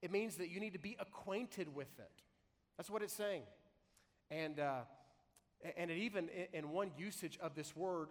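A man preaching a sermon as pastor, talking in a conversational way and slowing down to read scripture aloud. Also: on the high side, big-room sound. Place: large church hall.

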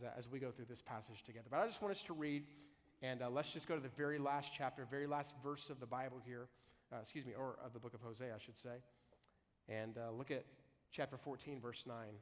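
Male pastor preaching in a reverberant hall. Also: medium pitch. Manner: conversational preaching, slows to read scripture. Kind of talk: sermon. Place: large church hall.

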